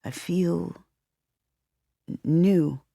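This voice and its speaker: A woman's voice: deep voice, expressive, drawn-out words, a little mellow, dry recording, studio quality, exaggerated voice. A woman voicing a dazed, confused young man who stammers and speaks hesitantly.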